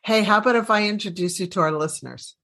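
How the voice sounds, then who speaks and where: A woman's voice: medium pitch, quick pace, fairly bright tone. A middle-aged woman hosting a casual interview, chatty and laughing often. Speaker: podcast host, medical doctor.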